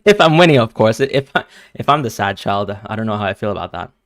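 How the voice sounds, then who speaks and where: A man's voice: on the low side, fast talker, dry recording, studio quality. A man streaming live and reacting emotionally to a football match as he watches, talking to his viewers.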